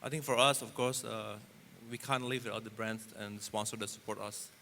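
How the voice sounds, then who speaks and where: A man's voice: fairly low pitch, fairly even intonation, fairly quick, gravelly, bright, forceful tone. A man from Indonesia, an event promoter, speaking hesitantly with many fillers on a panel. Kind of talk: panel discussion. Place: conference stage in a large hall. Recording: hall reverb, faint noise.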